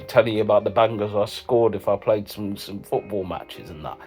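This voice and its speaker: A man's voice: fairly low pitch, steady tone, fairly quick, few pauses, a little mellow, faint music behind. A man doing jokey commentary, rambling in slang and asking "you know what I mean" again and again. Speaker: comedy vlogger reacting to dating profiles. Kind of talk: jokey commentary with sung snippets.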